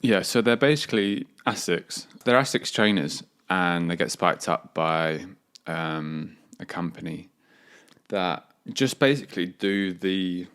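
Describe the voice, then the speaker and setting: A man with a very low voice co-hosting a podcast. He talks in a relaxed, easygoing way. His explanations wander along with plenty of ums and likes. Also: unhurried, smooth. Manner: laid-back, rambling explanations with fillers. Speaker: podcast co-host, cricketer. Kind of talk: casual chat.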